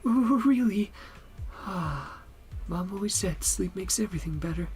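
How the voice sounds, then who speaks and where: A man's voice: sits high, lively intonation, a little slow, darkish tone, breathy edge, pitched above the performer's own voice, exaggerated voice. A man voicing a stressed, sleepless young student who pleads anxiously for help. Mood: relieved.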